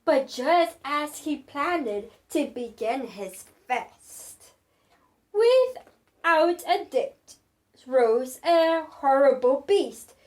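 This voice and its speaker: A woman telling a picture-book story to children in a very high, lively, sing-song voice. She reads very slowly, stretching the rhymes and making the sounds of the story.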